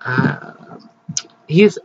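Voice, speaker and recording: A man casually commenting as he plays a life-sim game, chatty, excitable and gossipy, recorded on slightly dull lo-fi audio. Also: very slow, slight background noise. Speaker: gaming channel host. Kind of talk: casual let's play commentary.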